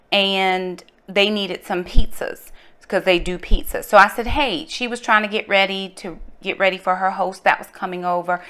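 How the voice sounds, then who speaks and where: A middle-aged woman tells her viewers a story in a lively, testifying way, sprinkling in y'all. Her voice has a bright, forward tone at a middling pitch. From North Carolina, USA. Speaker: vlogger, mother. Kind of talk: casual storytelling.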